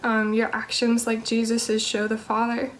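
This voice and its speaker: A woman's voice: fairly high pitch, monotone, unhurried, a little hiss or hum, poor audio. A young woman telling an earnest personal testimony about her calling, with many fillers and restarts. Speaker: teacher sharing a ministry calling testimony.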